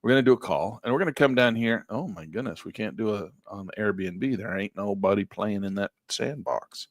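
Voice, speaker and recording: A man's voice: fairly low pitch, moderate pace, no room sound, studio quality. Folksy man teaching options trading. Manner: folksy, upbeat, talks while clicking through charts. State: losing his voice, clearing his throat. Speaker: trading instructor. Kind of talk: live screen-share trading lesson.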